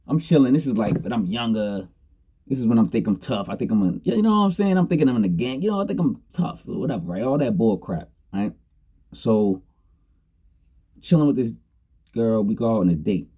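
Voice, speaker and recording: A middle-aged man spins a story in a relaxed, slangy way, often laughing between lines. His voice is mellow and dark, with a husky edge. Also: fairly low pitch. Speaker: storyteller host. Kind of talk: casual storytelling.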